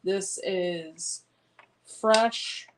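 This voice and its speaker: A woman's voice: medium pitch, very slow. A woman chatting casually on a homesteading vlog, rambling and answering viewer comments while she cuts beans in her home kitchen. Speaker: homesteading vlogger. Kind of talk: casual livestream chat. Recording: clear background noise with clicks.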